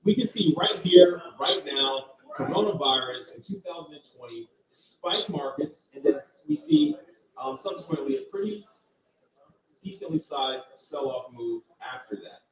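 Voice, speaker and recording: This trading stream host has a fairly high voice with big pitch swings and takes his time. Thinking aloud in a casual, direct way, he offers live market commentary over screen-shared charts, captured in a roomy, distant, dull-sounding recording.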